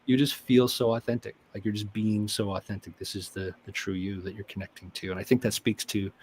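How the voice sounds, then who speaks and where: A man, a guest therapist, telling stories about clients in an animated way and acting out their voices. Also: on the low side, fairly quick, a little hiss or hum. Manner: animated, acts out quoted clients with laughs. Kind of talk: conversational storytelling.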